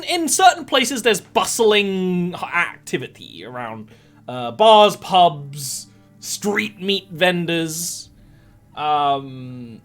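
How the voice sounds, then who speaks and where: A man narrating as game master, rambling through scene descriptions with lots of fillers. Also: a little high. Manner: animated, rambling with many fillers. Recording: faint music bed behind.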